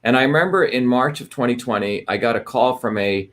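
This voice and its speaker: Speaking at a fairly quick clip in a mid-range, slightly bright voice, this livestream host chats casually online. He welcomes viewers by location and wanders through his explanations, restarting often and leaning on fillers.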